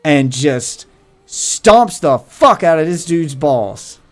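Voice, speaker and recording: A man's voice: a little high, big pitch swings, takes it slowly. A man hosting his livestream, telling crude rambling stories in casual chat with faint music behind him. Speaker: livestream host.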